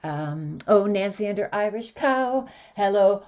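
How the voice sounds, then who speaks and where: A woman with a medium-pitched voice speaks at a measured pace as she hosts an online sing-along show. She's cheerful and animated, warmly greeting viewers by name and running through a list of them in casual chat.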